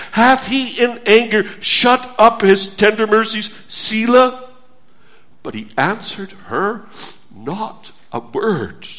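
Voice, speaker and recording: Earnest high-voiced man preaching. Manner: earnest, pleading, shifts between hushed and urgent. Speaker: pastor. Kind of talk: sermon.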